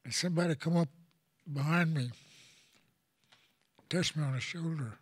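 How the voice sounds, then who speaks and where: An older man from Oklahoma tells a personal story to an audience in a halting, plain-spoken way, often repeating words as he goes. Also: on the high side, husky, no room sound. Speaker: elder speaker.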